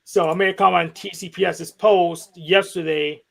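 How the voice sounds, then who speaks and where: A man's voice: high-pitched, fairly even intonation, normal speed, vocal fry. A man on a casual group call, insistently reading out online posts and arguing his side. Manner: insistent, argumentative. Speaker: participant in an online hangout.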